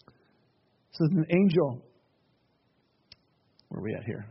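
Higher-voiced man preaching a dramatic sermon. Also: sing-song, takes it slowly, creaky, pauses often, husky, dull audio. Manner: dramatic, swings between hushed and raised passages.

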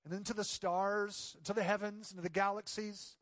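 Male pastor, higher voice, dry close sound, animated sermon storyteller who acts out quotes. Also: normal speed, no echo. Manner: drops to soft pleading tones.

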